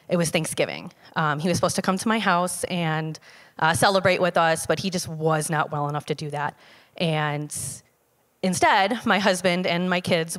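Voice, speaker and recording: Woman giving a halting church testimony. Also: lowish voice, fairly bright tone. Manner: conversational, halting, with frequent fillers and restarts. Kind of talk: personal testimony told to a congregation. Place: church sanctuary. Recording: long hall reverb.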